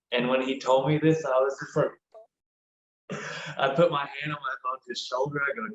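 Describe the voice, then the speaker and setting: Animated, swearing ex-wrestler man in a roomy room. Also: mid-range voice, moderate pace, long pauses. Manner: animated, swears freely, lots of "like". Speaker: guest, former pro wrestler. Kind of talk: casual podcast storytelling. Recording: roomy, dull lo-fi sound with faint noise.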